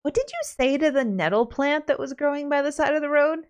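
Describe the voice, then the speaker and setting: A woman's voice: high-pitched, fairly quick, pitched above the performer's own voice, lightly acted. A puzzled young prince, voiced by a woman narrator in a casual, baffled tone. He keeps asking what is going on. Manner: baffled questioning.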